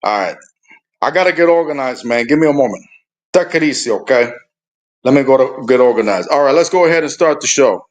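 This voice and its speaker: A man's voice: medium pitch, animated, brisk. A man hosting a live stream, ranting heatedly and cursing in a drawling voice. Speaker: show host.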